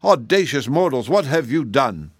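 A man putting on a chorus of proud, scornful roses from a fairy tale. They speak high and loud, in haughty demands full of disdain. The voice sits dry and close to the mic. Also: lively intonation, normal speed, no echo, lightly acted. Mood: indignant.

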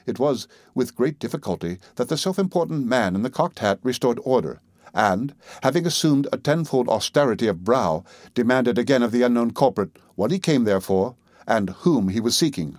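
A man reading a story aloud in a steady, measured narrating voice. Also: mid-range voice, dry recording, clean studio sound. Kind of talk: audiobook narration.

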